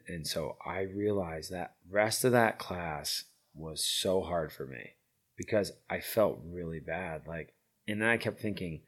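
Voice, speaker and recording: A middle-aged man with a deep, low voice tells a story as an interview guest. His talk is loose and rambling, packed with fillers. He gets loud and animated, then drops to a hushed near-whisper. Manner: rambling, filler-heavy, loudness swings from lively to hushed. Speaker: interview guest, founder of a veterans' horse program. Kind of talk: casual storytelling.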